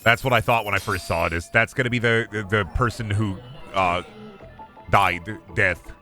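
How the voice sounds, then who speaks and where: A man streaming a video game, giving casual, animated commentary full of jokes and swearing. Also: on the low side, normal speed, faint music behind. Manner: animated, profane, joking.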